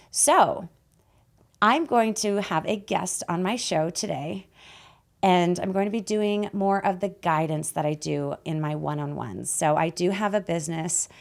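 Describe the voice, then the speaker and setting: Raspy-voiced woman podcast host. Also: on the low side. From Canada. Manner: bubbly, laughs often, emphatic. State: hoarse, raspy from lost voice. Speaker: podcast host and life guide. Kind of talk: casual podcast chat. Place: podcast studio.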